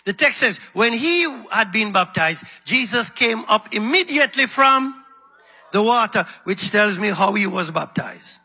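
A man with a husky voice preaches to his congregation, often repeating a line and calling out for answers. His voice sits high and rings sharp and bright. It carries a long reverb from a church hall, with faint music behind him. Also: lively intonation, unhurried, dull audio. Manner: call-and-response preaching, repeating lines for emphasis. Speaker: pastor. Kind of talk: sermon.

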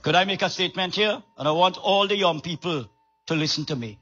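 A raspy male preacher with a high, bright voice delivers an emphatic sermon. He repeats his key lines and presses the congregation for amens. The recording is slightly muffled, with faint music underneath. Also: a little fast.

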